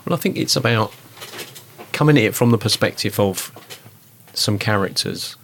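A man in a relaxed discussion, talking in an animated, rambling way with lots of fillers. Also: fairly low pitch, moderate pace, vocal fry, slight background noise. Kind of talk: conversational discussion.

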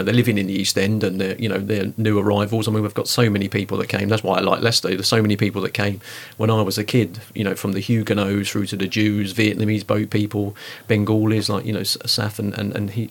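A man's voice: on the low side, flat delivery, fast talker, few pauses. A man from East London with a Cockney accent, chatting casually in an interview and acting out remembered exchanges. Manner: chatty, acts out quoted dialogue. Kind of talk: casual conversation.

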